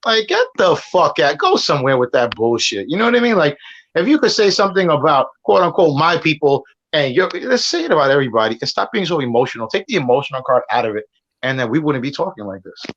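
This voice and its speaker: Heard through muffled lo-fi audio, a guest debater from Puerto Rico argues heatedly on a stream. He rambles, swears and talks over the other side, speaking fast in a high-sided, slightly bright voice with big pitch swings.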